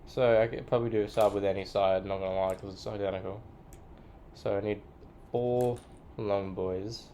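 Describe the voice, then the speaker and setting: A man's voice: lowish voice, fairly even intonation, moderate pace, warm tone, slight background noise. A young Australian man streaming live, muttering, swearing casually and narrating to himself as he builds.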